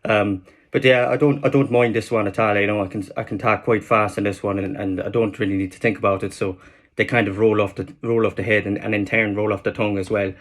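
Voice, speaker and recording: Man doing a fast, easygoing Southern Irish man, low voice. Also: fairly even intonation, natural voice. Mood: breezy. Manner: fast, rolling, repeats words. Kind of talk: accent demonstration, improvised chat.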